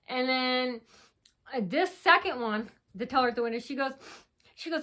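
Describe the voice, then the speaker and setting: A woman vlogger tells a long story in a loose, rambling way, full of restarts and acted-out quotes. Her voice is bright and sits a little high. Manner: talks fast, with many restarts and acted quotes.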